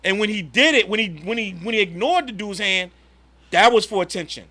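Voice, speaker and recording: A man co-hosting a casual podcast chat, telling a story in an animated way with quick restarts. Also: high voice, slight background noise. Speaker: podcast co-host.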